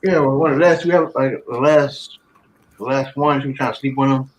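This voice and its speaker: A man's voice: mid-range voice, steady tone, brisk, low-quality recording. Hesitant man searching for words. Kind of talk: casual chat.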